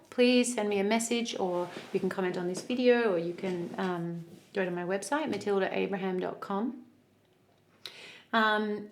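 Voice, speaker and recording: A woman who sings soprano, coaching vocal exercises in an encouraging, easygoing way. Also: medium pitch. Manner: encouraging, loose instructional talk with fillers. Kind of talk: guided vocal exercise lesson.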